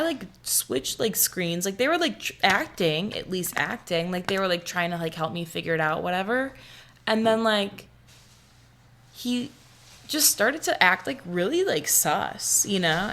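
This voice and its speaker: A woman's voice: medium pitch, sharp tone, a little hiss or hum. A young woman co-hosting a podcast, telling a story in casual chat full of fillers and swearing. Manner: profane, rambling storytelling with constant fillers. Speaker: podcast co-host.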